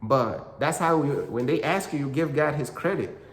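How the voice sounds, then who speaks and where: Speaking at normal speed in a fairly high voice, this man offers a laid-back, slang-heavy talk about faith, leaning again and again on "bro" and "you know what I'm saying." He's a Christian content creator, and the room echoes with a long reverb.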